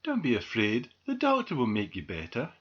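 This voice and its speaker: A man voicing an anxious small female china doll in a storybook reading, high and fussing. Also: wildly swooping pitch, moderate pace, dull audio. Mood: worried. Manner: fretful, fussing.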